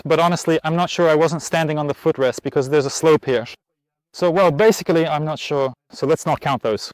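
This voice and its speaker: A man's voice: a little high, a little mellow, no room sound. A man hosting an outdoor riding lesson, out of breath and tired, chatting in an encouraging way. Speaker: riding instructor and host. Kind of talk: casual outdoor lesson vlog. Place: outdoors at a riding spot in the heat.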